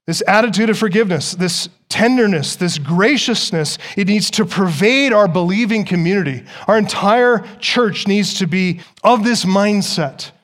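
A man preaching a sermon as pastor, emphatic and full of rhetorical questions, rising loud and dropping soft. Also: high-pitched, moderate pace, few pauses.

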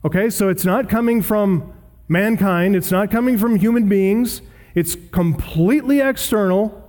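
A man's voice: high voice, unhurried, darkish tone. A man preaching an earnest, emphatic expository sermon, reading scripture aloud. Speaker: pastor. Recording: long hall reverb.

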